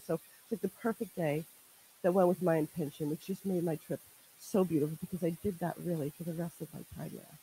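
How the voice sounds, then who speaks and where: A man with a high, slightly husky voice tells an earnest personal story at a meeting. He acts out the dialogue as he speaks into a handheld mic. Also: steady tone, fairly quick, mellow, poor audio. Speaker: group member sharing. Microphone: handheld microphone.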